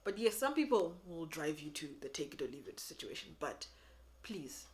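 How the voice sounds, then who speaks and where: A young woman giving business advice to camera, animated and sassy, acting out customers in quick voices. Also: deep voice. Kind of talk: casual advice talk to camera.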